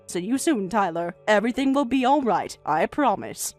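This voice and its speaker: Firm, measured older grandmother, read by a woman, lively in pitch, with soft music underneath. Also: close to an everyday voice. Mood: gentle. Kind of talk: story narration with dialogue.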